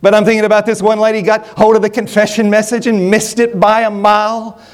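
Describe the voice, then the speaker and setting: High pitched guy preaching, repeats himself a lot, stumbles and restarts, middle aged. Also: completely flat delivery, a little fast, smooth. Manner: emphatic, repetitive, with frequent restarts. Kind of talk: sermon.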